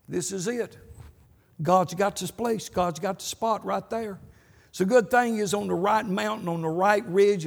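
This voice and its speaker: A man delivers a folksy sermon with a high, gravelly voice. His tone is slightly husky, and he sprinkles amens throughout. A long reverb from a church hall trails his words. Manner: folksy storytelling, repeated amens. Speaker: pastor.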